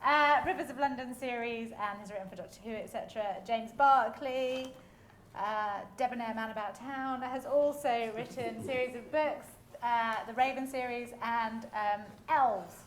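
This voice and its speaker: Woman moderator on a festival stage, quick and chatty, slightly high voice, roomy hall sound. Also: a little hiss or hum. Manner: fast-talking, chatty, laughs often. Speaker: panel chair. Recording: echoey hall, faint ambience.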